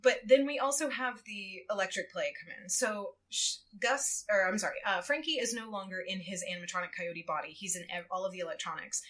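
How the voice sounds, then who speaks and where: A woman chatting casually on a podcast, retelling a story with lively acted quotes and frequent laughter. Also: mid-range voice, a little fast, hardly any pauses. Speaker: guest co-host. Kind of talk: casual podcast chat, recapping a book.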